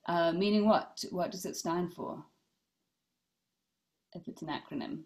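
In an informal online study session, a woman rabbi talks unhurriedly in a fairly low, darkish voice. She reflects out loud, stumbling into fillers and restarts, and reads comments from participants.

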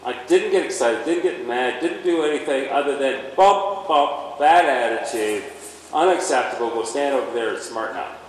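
Male horse trainer, lively and emphatic, talking through a demo; distant, roomy arena sound with faint noise. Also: mid-range voice, moderate pace. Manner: emphatic, animated, talks through each step. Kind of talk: instructional demonstration.

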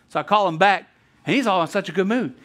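A man preaching a sermon as pastor, animated and quick to laugh, acting out a story with voices. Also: high voice. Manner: animated, laughs often, tells stories with voices.

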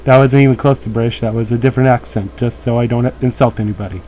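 A man's voice: mid-range voice, steady tone, quick pace, mellow, slight background noise, low-quality recording. A man giving casual, joking commentary while playing a video game, often laughing at himself. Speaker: let's play host.

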